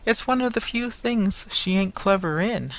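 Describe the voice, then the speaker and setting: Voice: medium pitch, expressive, measured pace, voice pushed up, rough recording. A meek old toymaker and father, as a storyteller puts him on murmurs in a dazed, humble way. He sounds tired and mild. A storybook reading. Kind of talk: audiobook character reading.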